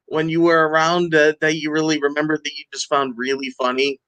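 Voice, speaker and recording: A man's voice: on the high side, flat delivery, brisk, a bit bright, clean tone, no room sound. A man hosting a podcast interview, asking questions in a hesitant way, full of fillers. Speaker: podcast host.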